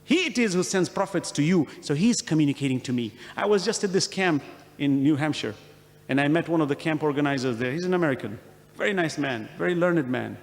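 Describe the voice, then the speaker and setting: A man's voice: fairly high pitch, expressive, brisk, creaky. A man giving an earnest religious lecture, asking questions and acting out conversations to make his points. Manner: earnest, questioning, acts out dialogue. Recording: long hall reverb.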